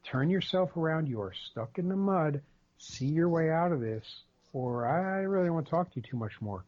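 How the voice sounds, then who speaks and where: A woman's voice: low voice, lively intonation, normal speed, highs cut off. A man playing his fed-up girlfriend who bluntly tells him to stop whining. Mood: scolding. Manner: blunt, impatient.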